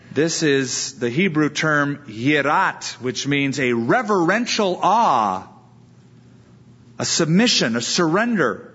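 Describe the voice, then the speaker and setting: A man preaching a sermon as a pastor, explaining scripture and acting out quoted voices in lively asides. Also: a little high, slightly rough, muffled recording.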